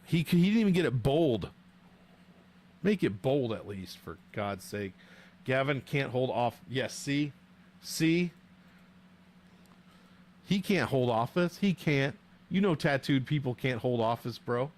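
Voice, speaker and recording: A man's voice: mid-range voice, a little slow, pauses often. A young man hosting a casual livestream, joking and swearing as he banters with viewers from a home streaming setup on a desk mic. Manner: profane, joking, animated banter. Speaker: livestream host rating fighter nicknames.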